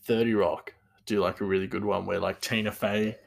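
A man's voice: on the low side, level tone, normal speed, creaky. A man hosting a casual solo talk, rambling with lots of fillers and chuckling asides. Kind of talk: casual monologue.

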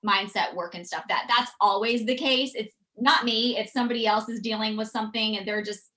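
A woman, telling stories as a podcast guest in a chatty, animated way. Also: a little high, fairly quick. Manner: chatty, animated, quotes people in acted voices. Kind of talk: casual storytelling.

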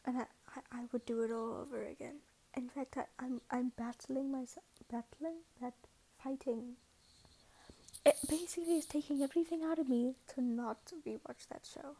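A woman's voice: sits high, fairly even intonation, moderate pace, warm tone, slightly rough, rough recording. A young woman hosting a casual podcast, rambling and self-mocking, often dropping into a whisper. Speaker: podcast host. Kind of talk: casual monologue.

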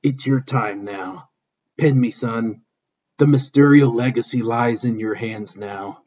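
A man's voice: mid-range voice, slow, a little mellow, husky, pitched below the performer's own voice. A man reading as a solemn old father wrestler. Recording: dull lo-fi recording.

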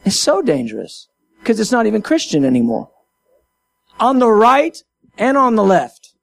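A man, a Christian minister, talking to his audience in an impassioned, half-sermon style, emphatic and animated, repeating his key phrases. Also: high-pitched, moderate pace, creaky.

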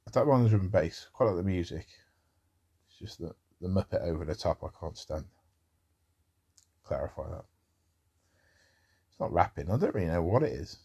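A man's voice: low-pitched, animated, fairly quick, long pauses, mellow, slightly rough. A man talking in a rambling casual monologue about music, with wry asides.

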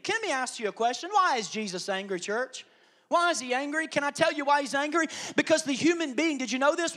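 Guy preaching a sermon, really high voice, goes quiet then loud. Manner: animated preaching, swings from hushed asides to loud emphasis. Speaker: pastor.

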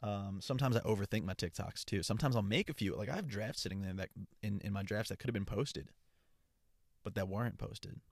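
Gravelly low-voiced man, rambling podcast talk. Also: fairly quick, no room sound, clean studio sound. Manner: rambling, stream of consciousness. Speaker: podcast host. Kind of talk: casual solo podcast monologue. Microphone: portable travel mic.

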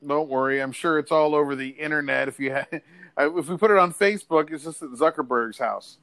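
A man's voice: a little high, a little fast, a bit bright, no room sound. A man hosting a podcast in casual, profane, joking chat. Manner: profane, joking, laughs often. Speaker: podcast host.

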